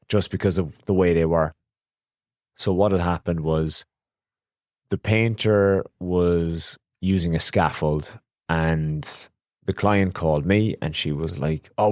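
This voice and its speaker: A man's voice: low voice, a little mellow, no room sound, studio quality. A man hosting a podcast and telling a rambling, frank story in casual talk, swearing now and then. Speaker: podcast host, electrician.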